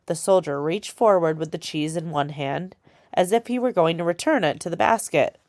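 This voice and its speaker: A woman reading a children's novel aloud in a steady storytelling way. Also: lowish voice, normal speed, no room sound, studio quality. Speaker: audiobook reader.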